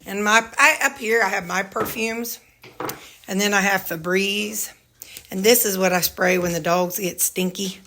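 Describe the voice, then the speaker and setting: A woman's voice: mid-range voice, measured pace, creaky, bright, forceful tone. Casting note: easygoing Missouri woman, home vlogger, rambling and chatty, filmed on a handheld phone. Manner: rambling, chatty, talks to her dogs. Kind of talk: casual home tour vlog. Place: her house, indoors.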